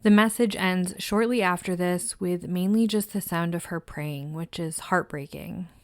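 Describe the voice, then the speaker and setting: Somber low-voiced woman narrating true crime. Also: a little slow, no echo, studio quality. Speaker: true crime podcast host.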